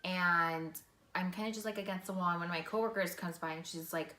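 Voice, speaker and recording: A woman vlogger speaks in a fairly low but bright, forward voice, telling her own story casually and earnestly. Her talk is loose and full of fillers. The room around her rings with a noticeable echo. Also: fairly even intonation, brisk. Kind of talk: personal storytelling.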